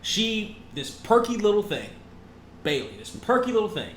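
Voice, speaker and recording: High-voiced man in an echoey room. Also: very animated, normal speed, slight background noise. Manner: blunt, profane, explains plainly. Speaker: podcast co-host. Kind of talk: casual chat.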